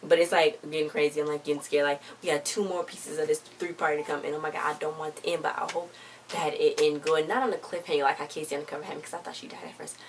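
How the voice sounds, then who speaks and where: A woman's voice: deep voice, fairly even intonation, fast, distant mic, a little hiss or hum. A woman reviewing a TV episode in a casual, rambling recap, stringing the story together with "so then she's like.".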